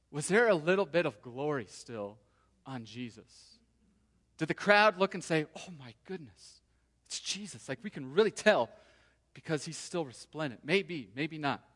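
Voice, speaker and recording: A man preaching a sermon to his congregation in a relaxed, conversational way, sometimes voicing the people in the story. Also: fairly high pitch. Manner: conversational, acts out quoted voices. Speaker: pastor. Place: church sanctuary. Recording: long hall reverb.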